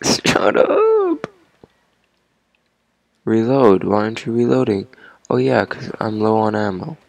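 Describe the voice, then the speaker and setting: A man's voice: on the low side, steady tone, normal speed, creaky, darkish tone, no room sound. A young man giving casual commentary on his first game session, repeating himself, swearing at enemies and laughing. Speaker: gamer.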